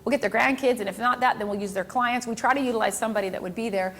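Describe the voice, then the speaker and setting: A woman photographer giving a talk, telling a story with lively acted-out dialogue and frequent laughter. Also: a little high, racing, slight background noise. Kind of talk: storytelling presentation to an audience.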